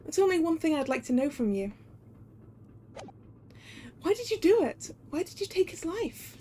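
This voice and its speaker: A woman's voice: very high voice, big pitch swings, normal speed, dark tone, a little hiss or hum, pitched above the performer's own voice. A woman voicing an earnest young female assistant in a video game, speaking in a pointed way. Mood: accusing.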